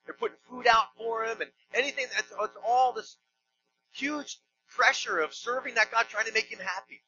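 A man's voice: very high voice, moderate pace, sharp tone, muffled recording, slight background noise. A man preaching a sermon in a church, conversational and emphatic, with joking asides. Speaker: pastor.

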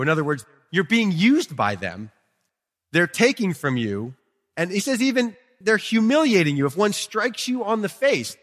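A male pastor preaching a sermon in a church, chatting with the congregation, swinging from quiet asides to emphatic peaks. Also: fairly high pitch. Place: church sanctuary. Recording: long reverb of a hall.

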